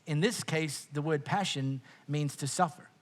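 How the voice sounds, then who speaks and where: A middle-aged Australian man preaching a sermon as pastor, conversational and jokey, with frequent quick restarts. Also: on the high side.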